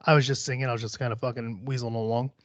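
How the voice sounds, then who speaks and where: A man's voice: mid-range voice, level tone, racing, no echo. A man hosting a podcast in casual chat, rambling and swearing freely, laughing often. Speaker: podcast host.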